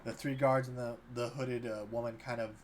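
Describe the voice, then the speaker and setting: A man's voice: medium pitch, little pitch movement, moderate pace. A man narrating a tabletop game as game master, loosely, with many fillers. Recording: faint background noise.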